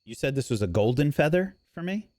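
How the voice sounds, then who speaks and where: A man playing a tabletop game in casual chat, excitable, swearing and exclaiming. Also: mid-range voice, a little fast, no echo, studio quality. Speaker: player.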